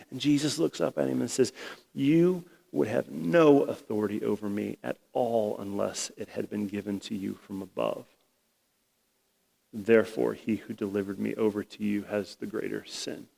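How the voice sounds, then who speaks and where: A man's voice: on the low side, steady tone, normal speed, vocal fry, mellow, big-room sound. A male pastor preaching a sermon in a casual, conversational way, retelling scripture in everyday slang.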